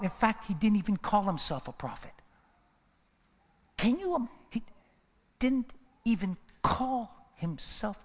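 A man preaching a sermon with passion, swinging from hushed asides to rising emphatic runs. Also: high voice, lively intonation, a little slow, long pauses. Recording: reverberant hall.

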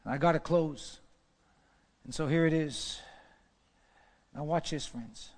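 An older man preaching a sermon, repeating phrases and building to shouted peaks. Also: a little high, takes it slowly. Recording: long hall reverb.

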